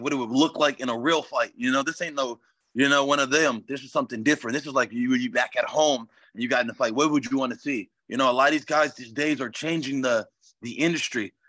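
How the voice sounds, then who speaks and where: A man's voice: mid-range voice, quick pace, pushed and bright, no echo. A man guest in a casual interview, talking in a brash, swaggering, profane way. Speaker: fighter guest.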